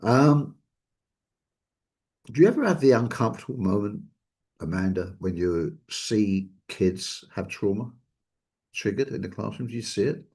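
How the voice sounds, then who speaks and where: Low husky-voiced male talk show host. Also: expressive, measured pace, long pauses, darkish tone. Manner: reflective, asks questions. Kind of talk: casual discussion.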